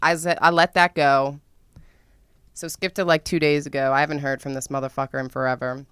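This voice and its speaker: Speaking briskly with a flat delivery, a young female podcast host relates a personal story in a casual monologue, swearing freely, getting dramatic, and now and then letting out loud squeals. Her lower-pitched, smooth voice is recorded close and dry, without any room sound.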